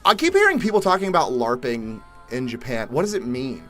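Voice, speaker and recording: A young man from Atlanta, Georgia, chatting casually on a live stream, reading viewer questions and answering in a laid-back way, with the odd swear word and loud exasperated outbursts. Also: medium pitch, sing-song, fairly quick. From Atlanta, Georgia, USA. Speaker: livestream host. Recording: faint music behind.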